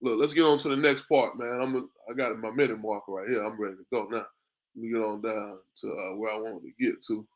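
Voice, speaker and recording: In a street-preaching class lecture, a man teaches in a preacher's style, throwing rhetorical questions at his listeners and repeatedly calling them "man." His voice sits on the low side with a steady tone, he talks fast, and he chuckles often.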